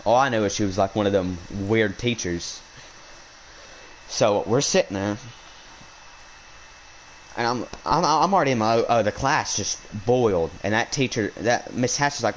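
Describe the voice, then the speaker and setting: A man's voice: lowish voice, moderate pace, pauses often, a little hiss or hum, rough recording. A young man outdoors on a hunt, casually telling an indignant, rambling story with lots of restarts. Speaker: hunting vlogger. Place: outdoors while hunting.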